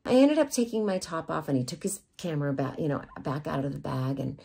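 A woman's voice: deep voice, fast talker, creaky, mellow, breathy edge. A woman vlogger telling a personal story in a candid, confessional way with self-deprecating humor.

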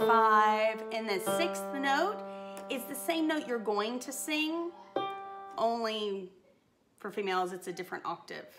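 A woman's voice: fairly high pitch, fairly bright tone. A woman voice teacher giving a singing lesson, upbeat and encouraging as she coaches a phrase.

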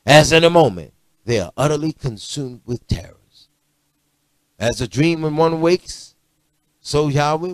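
A man preaching a sermon, animated and blunt, swinging from low murmurs to loud rebukes. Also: dry recording. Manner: blunt, confrontational street-style preaching.

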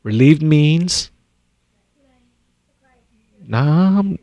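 As district superintendent, a man reads a picture book aloud to young children at an elementary school, often pausing to comment and think aloud in an animated way. His voice is on the high side and very slow, with no echo.

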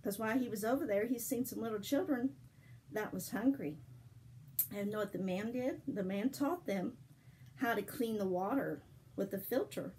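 An older woman with a husky voice, gently telling a story and devotional to her grandchildren. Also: medium pitch, moderate pace, a little hiss or hum, poor audio. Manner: gentle, affectionate, sings softly. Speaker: storyteller for children.

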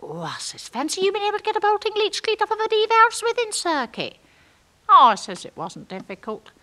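A woman's voice: on the low side, big pitch swings, normal speed, sharp tone, exaggerated voice. An actress playing a chatty young woman in a comic monologue, with a rambling, ungrammatical way of telling stories. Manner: gossipy, rambling, ungrammatical storytelling. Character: chatty working-class young London woman.

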